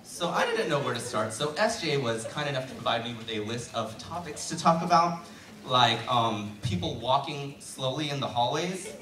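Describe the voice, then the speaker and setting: A man's voice: medium pitch, moderate pace. A teenage male student doing a chatty, self-deprecating stand-up comedy routine in a school auditorium, with many fillers. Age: late teens. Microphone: handheld mic on stand, heard from far. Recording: echoey hall from far off, loud crowd. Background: loud crowd laughter.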